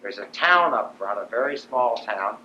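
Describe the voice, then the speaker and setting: An older man voicing a calm partisan interpreter who speaks in a low, matter-of-fact way. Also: moderate pace, slight background noise. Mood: cautious. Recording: roomy dull lo-fi recording.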